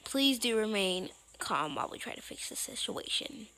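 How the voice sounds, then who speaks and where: A woman voicing a calm, formal airline pilot making cabin announcements in a polite, stiff tone. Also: mid-range voice, normal speed, pitched below the performer's own voice, lightly acted.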